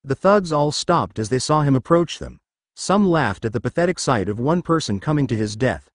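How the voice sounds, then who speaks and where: A man's voice: medium pitch, expressive, moderate pace, no room sound, studio quality. A man reading a fanfiction story aloud as narrator.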